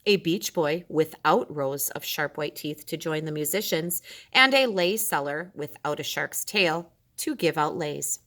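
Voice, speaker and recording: Woman, storybook reader, bright tone, lowish pitch, chatty asides. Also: expressive, measured pace, hardly any pauses. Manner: chatty asides between the reading. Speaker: storyteller reading a picture book aloud. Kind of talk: reading a children's story aloud.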